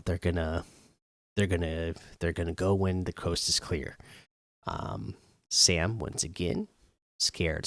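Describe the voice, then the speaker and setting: A man's voice: low-pitched, fairly bright tone, no room sound, studio quality. A man hosting a show, casually recapping a TV episode with lots of ums and uhs and the odd chuckle. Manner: frequent ums and uhs, chuckles while retelling. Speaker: show host reviewing a TV episode.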